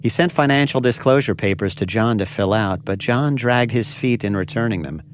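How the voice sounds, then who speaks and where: A man narrating a podcast from a script in a measured, even delivery. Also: on the low side, slight background noise.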